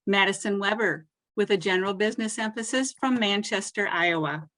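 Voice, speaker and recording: A woman presenting graduates at a ceremony, reading each name in a measured way that lifts on the name and drops at the end. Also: medium pitch, fairly bright tone.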